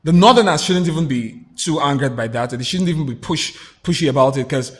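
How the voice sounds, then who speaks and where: A man giving his views as a guest on a political talk show, opinionated and halting, with frequent restarts. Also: on the high side, expressive. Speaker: guest commentator.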